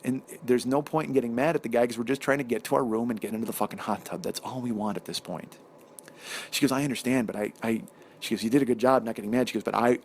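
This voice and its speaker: Comedian host with a gravelly voice and a middle pitch, telling a long story and voicing each part himself. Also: male voice. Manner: profane, animated, acts out both sides of the dialogue. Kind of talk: solo storytelling monologue.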